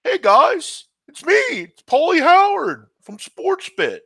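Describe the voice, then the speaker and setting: A man putting on the voice of an excitable male sports show host, speaking slowly and squeakily. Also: creaky, no room sound, exaggerated voice. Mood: chirpy. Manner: slow, drawn-out, squeaky delivery.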